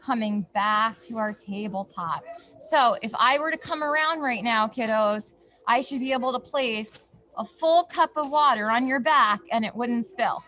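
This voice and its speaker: A young woman leading a yoga class for children outdoors in a snowy backyard, giving gentle instructions with playful asides. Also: on the high side, normal speed. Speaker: yoga teacher.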